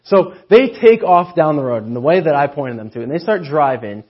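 A man with a husky, somewhat high voice preaches in a church chapel. He tells a self-mocking story in a lively way, full of fillers. The sermon recording sounds dull and lo-fi. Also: fairly quick.

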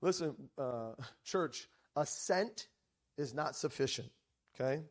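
A man's voice: on the high side, takes it slowly. A male preacher telling a story in a sermon, acting out the quoted lines and often checking in with "right?". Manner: animated storyteller, frequent "right?" asides, acts out quoted lines. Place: church.

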